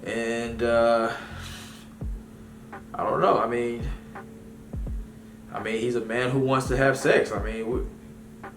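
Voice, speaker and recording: A man's voice: mid-range voice, fairly even intonation, slow, pauses often. A man giving casual commentary as a vlogger, rambling with slang and lots of fillers. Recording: echoey room with faint music.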